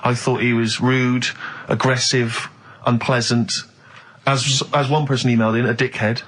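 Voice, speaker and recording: A man's voice: medium pitch, level tone, moderate pace, a bit bright, a little hiss or hum. A man co-hosting a comic radio show, egging others on and mock-earnest on a studio mic. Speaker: radio co-host. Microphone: studio microphone.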